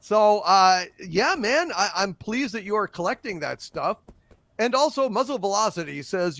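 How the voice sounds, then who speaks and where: A man hosting a casual livestream about movies, chatty and animated, reading viewer messages and laughing often. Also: sits high, normal speed, dry recording. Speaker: podcast host.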